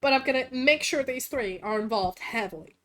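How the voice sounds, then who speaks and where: A woman's voice: sits high, a little fast, fairly bright tone. A woman hosting a casual chat, rambling about her game world with many fillers and restarts. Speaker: vtuber host and game master.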